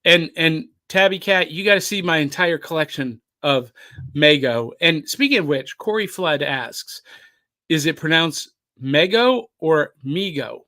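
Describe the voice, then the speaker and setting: A man's voice: on the high side, unhurried, sharp tone, dry recording. A man hosting a podcast on a live stream, chatting casually and reading viewer comments aloud. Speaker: podcast host.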